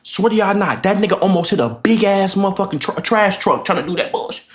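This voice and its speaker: A young man telling a casual story-time vlog, animated and profane, acting out the voices of the people in his story. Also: high voice, quick pace. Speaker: vlogger.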